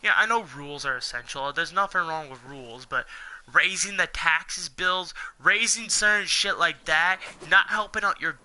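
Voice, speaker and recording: Angry ranting young man, bright voice. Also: a little high, moderate pace. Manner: heated, profane, rambling. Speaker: gaming channel host.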